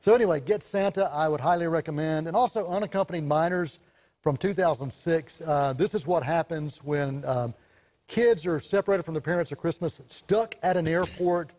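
Guy cohosting a movie talk show, kinda high voice, chatty, laughs a lot telling stories. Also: moderate pace. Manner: chatty, animated storyteller, laughs often. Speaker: co-host, film reviewer. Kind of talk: casual chat about movies.

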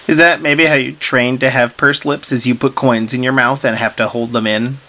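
A man's voice: mid-range voice, fairly even intonation, normal speed, sharp tone. A young man co-hosting a podcast, chatting casually and wryly. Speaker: podcast co-host. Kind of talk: casual chat.

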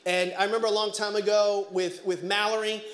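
A middle-aged man preaching a sermon as pastor, telling family stories in an animated way with bursts of shouting. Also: sits high, a little fast. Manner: animated storytelling, breaks into shouts and laughter. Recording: echoey room.

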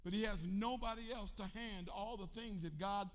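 A man preaching a sermon in a church, emphatic, rising into shouts and sung phrases, and calling on the congregation to answer. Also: high-pitched, normal speed. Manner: leads the congregation in call and response. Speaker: pastor. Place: church sanctuary. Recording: echoey hall.

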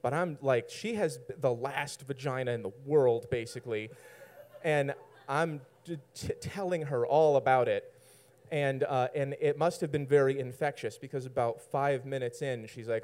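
A male storyteller tells a loose, rambling personal story to an audience, mocking himself and laughing at his own lines. His voice is medium-pitched and darkish in tone, at a moderate pace.

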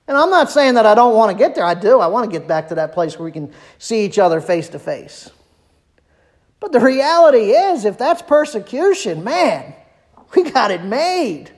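A woman pastor preaching a conversational sermon, asking rhetorical questions and dropping her voice low and quiet for emphasis. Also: big pitch swings, moderate pace.

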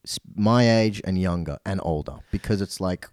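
A young man talks bluntly and swears freely in a casual chat, often mimicking what other people say. His voice sits low and warm. The sound is dry and close. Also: moderate pace, dry recording. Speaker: DJ guest.

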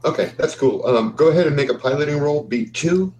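A man acting as game master, describing scenes in a steady storytelling way. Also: on the high side, fairly quick, a little hiss or hum, poor audio. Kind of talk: narrating a tabletop game.

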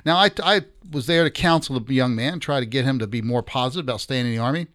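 A man's voice: mid-range voice, quick pace, a bit bright, dry recording, studio quality. An older man hosting his own talk show, speaking in a blunt, folksy and opinionated way. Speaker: podcast host. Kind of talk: casual talk-show monologue.

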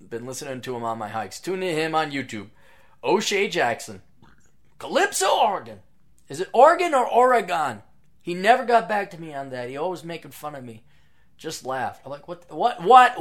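Sarcastic rambling male podcast host. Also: a little high. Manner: sarcastic, rambling, swings between loud bursts and mutters. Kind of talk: casual monologue reading out plugs.

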